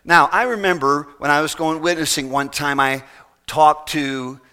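A man's voice: a little high, steady tone, moderate pace, sharp tone, smooth. A middle-aged man preaching a sermon, pressing his point with repeated rhetorical questions. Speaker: pastor.

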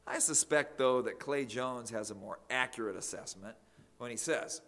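A man preaching a sermon, emphatic, swinging from loud declarations to near whispers. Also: medium pitch, normal speed.

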